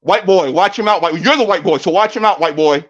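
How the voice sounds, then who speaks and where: A boastful man talks fast in a high, quick voice, repeating and stumbling over phrases as he calls in. The call audio is dull and lo-fi, like a muffled line. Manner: boastful, repetitive, stammering. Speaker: caller. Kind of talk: heated casual banter.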